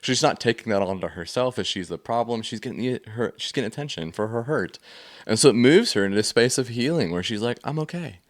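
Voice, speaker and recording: A man's voice: mid-range voice, expressive, fast. A man giving a casual faith-based teaching on feelings, telling stories in a loose, conversational way with plenty of fillers. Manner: conversational, storytelling with many fillers.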